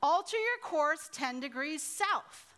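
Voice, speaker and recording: A woman's voice: sits high, lively intonation, slow pace, bright, forceful tone, exaggerated voice. A woman doing a stubborn proud ship captain. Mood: insistent. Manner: commanding, rising insistence.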